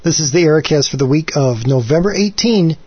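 A man's voice: on the high side, animated, fairly quick, dull audio, noisy background. A man in his forties hosting his own podcast, chatting alone in a rambling, self-deprecating way with many restarts and asides. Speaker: podcast host. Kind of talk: casual solo podcast monologue.

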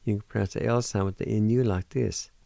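A man hosting a radio language lesson who patiently spells words out letter by letter and sounds out each syllable, gently encouraging learners not to give up. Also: lowish voice, steady tone, fairly quick, gravelly, no room sound. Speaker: radio host teaching language.

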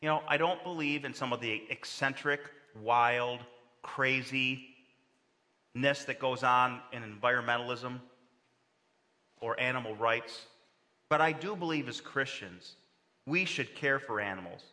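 Bright-voiced male pastor in an echoing hall. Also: unhurried. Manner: animated preaching with wide pitch swings and acted-out quotes. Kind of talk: sermon. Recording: long reverb of a large hall.

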